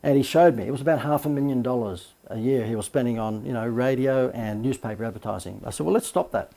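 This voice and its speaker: A man, a marketing coach, giving a recorded course lecture full of lively anecdotes and emphatic asides. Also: medium pitch, fast talker, vocal fry.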